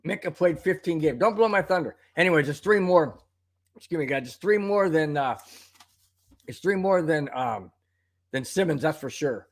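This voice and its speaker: A man's voice: fairly high pitch, animated, moderate pace. A man with a slightly raised voice hosts a live sports talk stream. He gets worked up and rants as he answers viewer comments. A tickle in his throat sets off coughs along the way. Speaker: live show host.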